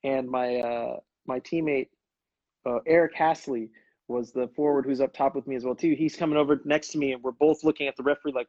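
A man's voice: mid-range voice, fairly even intonation, a little fast, a little mellow, dry recording, highs cut off. A man in his thirties hosting a casual livestream, telling stories in a laid-back way. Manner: laid-back storytelling, calls people brother. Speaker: livestream host, former pro soccer player.

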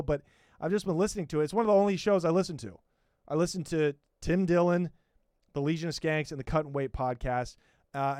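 A man's voice: fairly high pitch, dry recording, studio quality. Crude, profane man hosting a comedy podcast. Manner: profane, rambling, sarcastic. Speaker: podcast host.

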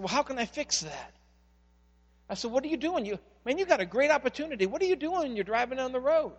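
A male pastor with a high voice tells stories during his sermon, swinging between loud, stressed phrases and hushed ones. A long hall reverb carries his voice, and a faint mains hum runs underneath.

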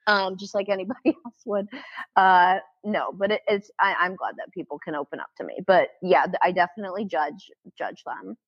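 A young adult woman hosting a casual podcast. Her pitch sits in the middle range. She is chatty and giggly and fills her speech with little fillers. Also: fairly quick, slightly rough, muffled recording. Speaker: podcast host. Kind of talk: casual chat.

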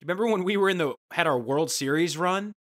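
A man's voice: a little high, quick pace, a bit bright. A man from Ohio co-hosting a comedy podcast, ranting in a profane, sarcastic way. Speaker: podcast co-host. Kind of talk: casual comedic chat.

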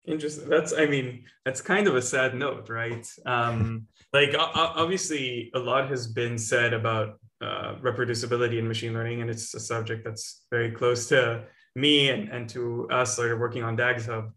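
A man with a bright, crisp voice hosting a casual podcast interview. He builds his questions haltingly, stopping and restarting as he searches for words. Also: medium pitch, fairly even intonation. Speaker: podcast host.

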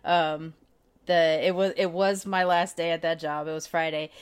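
A woman in her forties co-hosting a podcast in casual chat, outspoken and blunt, swearing freely and getting animated when she tells a story. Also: low voice, normal speed, smooth. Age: 40s. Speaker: podcast co-host.

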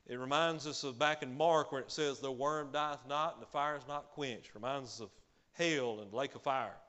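A man preaching a sermon, emphatic, swinging between loud declarations and quiet asides, often adding "hallelujah.". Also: medium pitch, normal speed. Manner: peppers speech with hallelujah.

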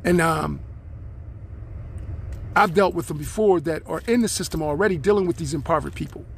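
High-voiced man ranting on his podcast. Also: brisk. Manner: rambling, aggrieved, talks straight at listeners. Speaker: podcast host. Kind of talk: solo podcast monologue.

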